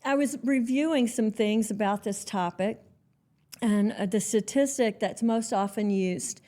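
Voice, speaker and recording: A woman hosting an interview podcast, speaking in a measured, earnest way as she introduces the topic and gives careful guidance. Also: medium pitch, mellow. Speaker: podcast host.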